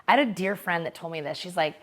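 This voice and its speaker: A woman podcast host in a casual motivational monologue, her voice settled slightly low. She talks frankly and conversationally, swears now and then, and keeps checking in with "right?" as she goes. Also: quick pace, fairly bright tone. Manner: candid, conversational, mild swearing, frequent "right?" check-ins.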